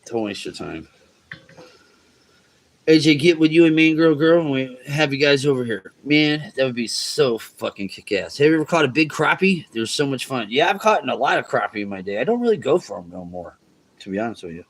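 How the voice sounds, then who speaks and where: Laid-back cursing fishing streamer. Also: male voice, mid-range voice, very animated, fairly quick. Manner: laid-back, swears freely, talks to chat. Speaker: fishing livestream host. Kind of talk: casual livestream chat. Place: outdoors on a riverbank.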